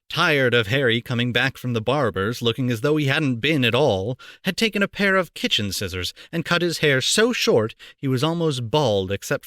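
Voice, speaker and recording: A man reading a storybook aloud for children, playful and animated, on a close home mic. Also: medium pitch, dry recording. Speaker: amateur voice actor reading aloud.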